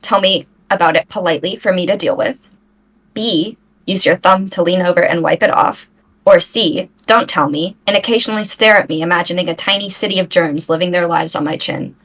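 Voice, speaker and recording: A woman playing a poised bachelorette, reading out questions in a measured way. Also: fairly low pitch, fairly bright tone, low-quality recording. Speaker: contestant. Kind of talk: comedic improvised dating game.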